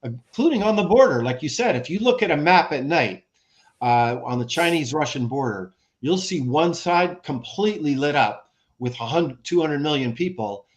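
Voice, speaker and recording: An American man speaking as a podcast guest, explaining at length in an animated way, listing examples and often restarting his sentences. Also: a little high, moderate pace, highs cut off. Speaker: guest, former ambassador and author. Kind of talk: conversational podcast interview.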